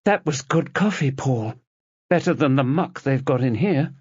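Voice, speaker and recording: A man voicing a worried young wife lying in a hospital bed, tired and sharp, in a dull lo-fi recording. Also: medium pitch, lively intonation, a little slow, husky, no echo, voice pushed up. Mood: weary.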